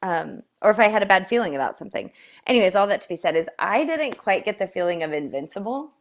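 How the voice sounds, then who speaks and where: A woman's voice: mid-range voice, animated, quick pace. A woman co-hosting a casual chat, rambling with many fillers and frequent laughs. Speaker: co-host.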